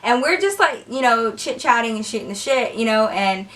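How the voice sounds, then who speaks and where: A young woman telling a story in a casual, animated way, cursing freely and saying "like" a lot. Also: a little high, normal speed, far from the mic. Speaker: vlogger.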